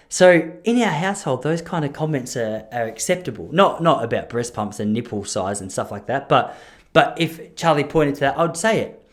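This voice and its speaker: A man's voice: fairly high pitch, lively intonation, moderate pace. A young man hosting a podcast, telling a long story alone in a rambling, jokey way and breaking off his own sentences. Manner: rambling, self-interrupting, jokey asides. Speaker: podcast host. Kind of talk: casual solo storytelling.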